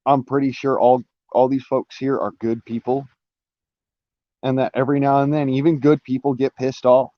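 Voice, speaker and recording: A man's voice: mid-range voice, level tone, moderate pace, no echo, highs cut off. A man talking through a casual live-stream monologue, rambling with restarts and fillers, swearing now and then.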